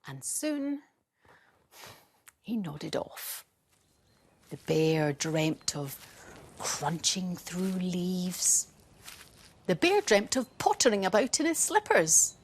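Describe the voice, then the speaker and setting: Brief: a gentle woman teacher reading a bedtime story, slow and very lively in pitch. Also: slightly rough.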